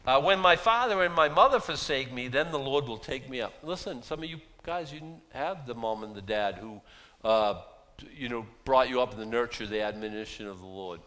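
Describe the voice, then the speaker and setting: Pastor preaching casually in a reverberant hall. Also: male voice, medium pitch, lively intonation, fairly quick. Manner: chatty, self-deprecating, swings from hushed to loud. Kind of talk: casual sermon.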